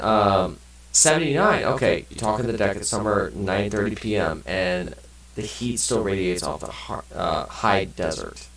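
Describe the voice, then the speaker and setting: Relaxed gamer man, roomy distant mic. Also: on the low side, moderate pace. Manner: rambling, swears casually, many fillers. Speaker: let's play gamer. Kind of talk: casual gameplay commentary, reading game text aloud.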